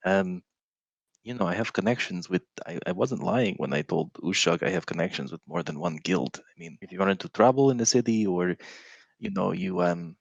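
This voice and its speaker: A man's voice: low-pitched, creaky, slightly rough, no echo, dull audio, exaggerated voice. A man voicing a testy, sarcastic male adventurer in a tabletop role-play, grumbling complaints in character.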